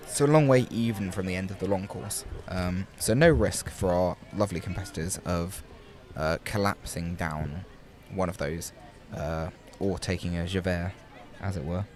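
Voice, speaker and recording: A man's voice: sits low, normal speed, darkish tone. A young man commentating live at an outdoor rowing regatta, chatty and playful with wordplay.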